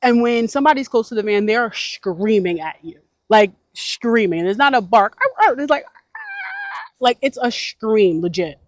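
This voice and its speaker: Woman van-life vlogger, mid-range voice, dry close sound. Animated, chatty delivery full of likes, casual storytelling to camera. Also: mid-range voice, a little slow, dry recording.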